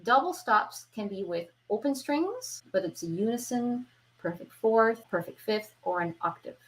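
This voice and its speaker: A woman's voice: fairly high pitch, expressive, a little slow, fairly bright tone, low-quality recording. A woman violin teacher giving a patient, step-by-step tutorial who keeps checking in with the listener. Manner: patient explaining, checks in with "okay?"; imitates beats with wavering syllables. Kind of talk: instructional tutorial. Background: violin playing.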